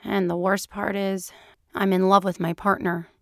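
A woman puts on a sheepish male agent, mopey and unsure of himself. He speaks hesitantly, softer and slower than her narration. The sound is dry and close. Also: medium pitch, flat delivery, dry recording, natural voice.

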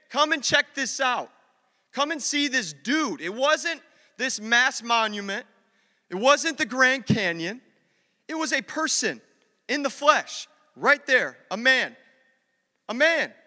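A male pastor preaching a sermon in a church, telling a story with lively acted-out dialogue. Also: extremely high pitch, big-room sound. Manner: animated storytelling, acts out dialogue.

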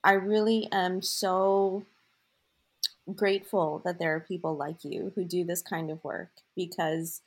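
A woman's voice: on the low side, steady tone, measured pace, breathy edge. A woman co-hosting a podcast, talking casually and emotionally, gushing with gratitude. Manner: gushing, emotional, a bit teary. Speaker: podcast co-host.

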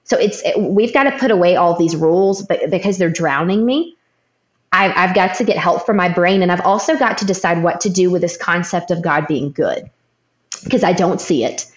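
A woman's voice: lowish voice, moderate pace, echoey room, dull audio. A young adult woman sharing an earnest personal story in candid, emotional storytelling with frequent restarts. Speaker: guest sharing her testimony.

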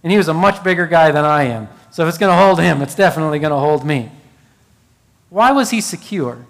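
A man's voice: fairly high pitch, lively intonation, fairly quick, vocal fry, big-room sound. A middle-aged man preaching a sermon as pastor, building emphasis and telling stories to illustrate his point. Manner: preaching with rising emphasis and storytelling asides.

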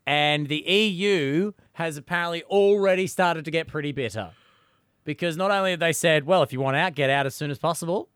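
A man's voice: fairly high pitch, fairly quick, fairly bright tone, smooth, dry recording, clean studio sound. Joking man podcast co-host. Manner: jokey, laughs often, mock voices for quotes. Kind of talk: casual comedic chat.

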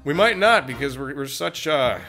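A man co-hosting a casual podcast, a little sick and hoarse, rambling and laughing as he talks. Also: medium pitch, expressive, normal speed, bright, forceful tone, faint music behind. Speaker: podcast co-host.

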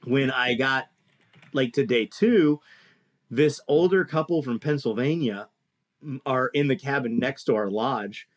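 A man telling a long story in casual chat, animated and profane, acting out the people he quotes. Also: mid-range voice, measured pace. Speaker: podcast co-host telling a story.

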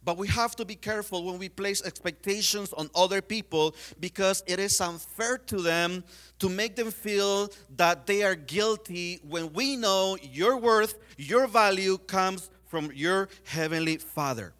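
Male preacher, high bright voice, casual sermon with lots of fillers. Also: measured pace. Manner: conversational, many fillers, retells scenes.

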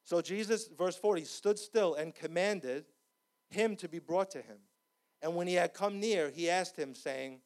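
A man preaching. His voice sits high for a man, and he moves from fervent, shouted cries to hushed, earnest appeals. The delivery is passionate and unpolished. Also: moderate pace. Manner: impassioned, rising to shouts. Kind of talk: sermon. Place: church.

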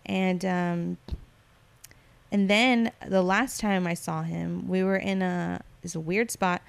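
A woman's voice: lowish voice, steady tone, slow pace, gravelly, smooth. A young woman telling her dreams in casual chat, rambling and full of fillers, acting out what people said. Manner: rambling, filler-heavy storytelling with acted-out quotes. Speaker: guest recounting dreams.

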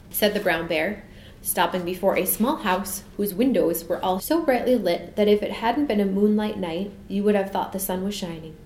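A woman narrating a children's storybook audiobook in a calm, measured way. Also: medium pitch. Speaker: audiobook reader. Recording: roomy echo, faint background noise.

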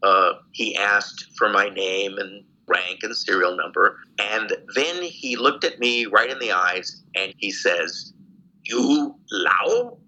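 An older man, a guest in an interview, telling a story in a casual, animated way and laughing often. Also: on the low side, slow, hardly any pauses, low-quality recording. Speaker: guest, former prisoner of war.

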